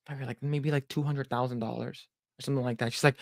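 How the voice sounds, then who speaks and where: A man in his thirties co-hosts a podcast, speaking in a mid-range voice at a quick pace with fairly even intonation and a fairly bright tone. He tells rambling stories, swears, reads viewer comments aloud, and mimics voices when quoting people in casual chat. The recording is clean studio sound with no echo.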